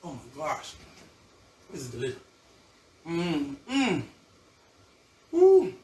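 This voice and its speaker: A cooking-show host who gushes and chats nonstop with his viewers. His voice sits fairly high for a man. He is picked up from a distance in an echoey kitchen, with faint background noise. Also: sing-song, takes it slowly. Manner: chatty and effusive, savoring food aloud. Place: home kitchen.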